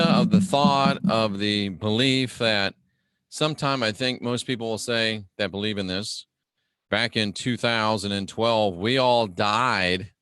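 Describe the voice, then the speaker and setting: A man hosting a livestream, teaching the Bible conversationally, slowing down and raising his voice for key phrases and greeting viewers. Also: on the low side, sharp tone, smooth, dry recording, studio quality. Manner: conversational and emphatic, slows and raises voice for key phrases; greets viewers and talks to himself while navigating a website. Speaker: livestream host teaching scripture.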